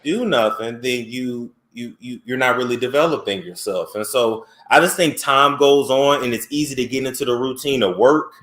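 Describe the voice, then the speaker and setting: A man hosting a casual call-in chat, talking in a blunt, frank and animated way. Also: mid-range voice, moderate pace, hardly any pauses, roomy sound. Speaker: host.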